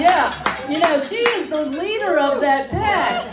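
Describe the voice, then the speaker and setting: A woman's voice: high voice, expressive, normal speed, over a noisy crowd, very noisy. A woman doing a rambling, self-mocking stand-up comedy set at a brewery comedy night. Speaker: stand-up comic. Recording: echoey room, from far off.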